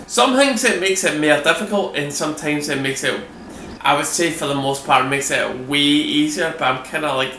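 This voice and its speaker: A man's voice: a little high, moderate pace, sharp tone. A Scottish man giving rambling, sweary, casual commentary over his gameplay. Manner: rambling, sweary, chatty asides. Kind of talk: casual let's-play commentary. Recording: echoey room, distant mic, faint noise.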